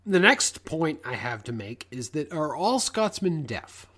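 A man co-hosting a podcast in casual chat, animated and jokey, with free swearing. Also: a little high, unhurried. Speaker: podcast co-host.

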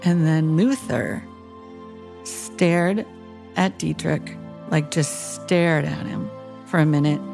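A woman's voice: deep voice, fairly even intonation, takes it slowly, vocal fry, long pauses, over music. A woman chaplain, a podcast guest, telling a story in an earnest and tender way. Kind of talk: emotional storytelling.

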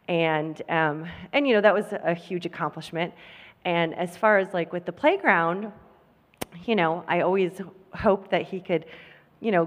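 A woman guest on a live podcast stage, sharing news about her son, emotional and halting with many ums. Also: lowish voice. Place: conference stage with audience. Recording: long hall reverb.

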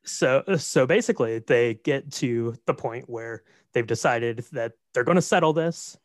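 A man co-hosting a casual film podcast, retelling the plot in a relaxed way with fillers. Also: mid-range voice, measured pace, no echo, studio quality. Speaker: podcast co-host. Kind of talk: casual film recap chat.

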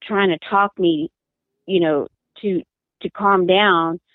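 Woman, grieving mother in an interview, halting and repetitive, lowish voice, dry tinny phone line. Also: steady tone, no room sound. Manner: halting, repeats words, distressed. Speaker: mother of a missing daughter, interviewee. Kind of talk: emotional interview account.

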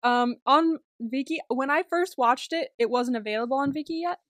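A woman's voice: sits high, moderate pace, dry recording, clean studio sound. A woman co-hosting a podcast in casual chat, laughing often and acting out quotes. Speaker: podcast co-host.

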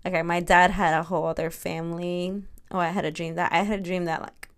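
A woman's voice: on the low side, quick pace. Laughing, candid young woman podcaster. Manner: candid and animated, swearing, laughing often. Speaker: podcast host. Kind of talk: casual solo podcast chat.

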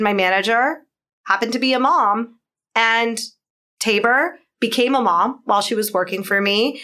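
A woman's voice: mid-range voice, pushed and bright. A woman in her thirties, a guest entrepreneur and mother, talking in a chatty, casual way, laughing often and saying "like" a lot. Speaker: interview guest, pharma entrepreneur. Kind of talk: casual interview chat.

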